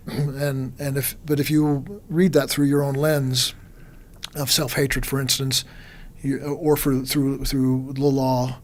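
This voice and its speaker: A man hosting an interview, reflective, often repeating words and clearing his throat. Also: medium pitch, flat delivery, measured pace, slight background noise. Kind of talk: conversational interview.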